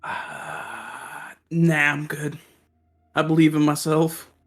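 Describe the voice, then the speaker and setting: A woman playing a tabletop role-playing game, slipping in and out of character with loud panicked outbursts. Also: deep voice, very animated, slow. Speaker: player.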